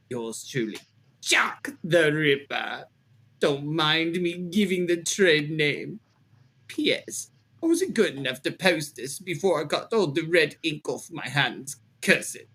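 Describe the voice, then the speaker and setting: A man voicing a gleeful male Victorian killer with a put-on British accent, reading a taunting letter in a halting, mocking way. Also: high voice, a bit bright, slightly rough, heavily acted. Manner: mocking, cackling, halting read.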